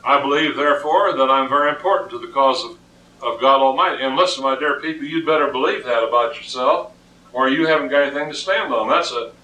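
A man's voice: medium pitch, fast talker, sharp tone, far from the mic. A man preaching a sermon, emphatic and often repeating words as he reasons aloud, recorded in an echoey room with the voice off-mic.

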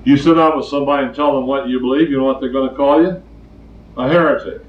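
A man's voice: mid-range voice, steady tone, fast. An older male preacher delivers a sermon in a plainspoken, storytelling way, driving points home by repeating them. He sounds far from the mic in a roomy space, and the recording is dull and lo-fi. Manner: plainspoken, storytelling, emphatic repetition.

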